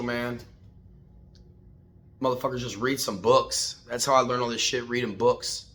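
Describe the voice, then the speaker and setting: A man's voice: on the low side, bright, forceful tone. A man hosting a casual morning motivational talk, swearing freely and preaching to his listeners, calling them man and baby. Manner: profane, fired-up, preachy. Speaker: host.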